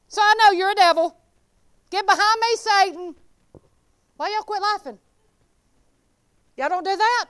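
A woman preaching an informal sermon, folksy and animated, calling out members of the congregation by name. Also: extremely high pitch, normal speed, long pauses.

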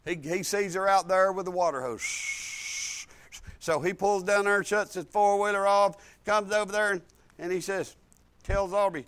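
High-voiced older pastor preaching. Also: male voice, steady tone, normal speed, clear, resonant tone. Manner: swings from soft asides to bold preaching shouts. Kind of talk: storytelling sermon.

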